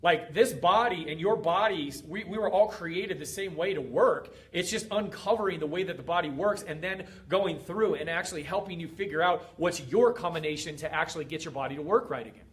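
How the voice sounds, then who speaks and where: A man's voice: on the high side, fairly quick, few pauses. A middle-aged man hosting a motivational livestream as a fitness coach, talking in an emphatic, repetitive, preachy way. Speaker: fitness coach and group host.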